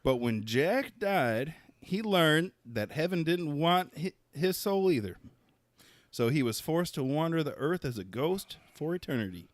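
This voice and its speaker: A man's voice: a little high, very animated, a little slow, no echo, studio quality. A man co-hosting a podcast in casual chat, laughing often as he explains facts. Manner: laughing often, explains while being interrupted. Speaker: podcast co-host.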